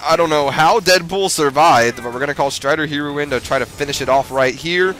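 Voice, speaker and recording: A man's voice: a little high, a little fast, background noise. A man giving rambling, self-deprecating gameplay commentary, full of fillers and restarts. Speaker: gamer.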